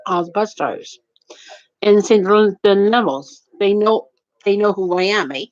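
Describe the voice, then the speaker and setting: In a dull lo-fi recording, a woman tells the camera about an everyday run-in, rambling, repeating herself and sounding indignant. Her voice is mid-range and darkish, and she speaks a little slowly.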